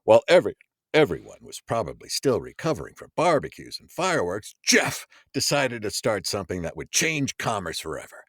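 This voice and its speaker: A man co-hosting a podcast in casual scripted banter, playful and slipping into quick put-on voices. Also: on the low side, huge pitch swings, a bit bright, husky, dry recording, clean studio sound. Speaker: podcast co-host.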